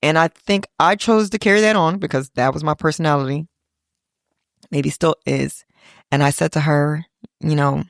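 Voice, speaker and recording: A woman's voice: low voice, normal speed, creaky, pauses often, no room sound, studio quality. A middle-aged woman hosting a podcast, reflectively telling a personal story and quoting her family in little voices. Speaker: podcast host.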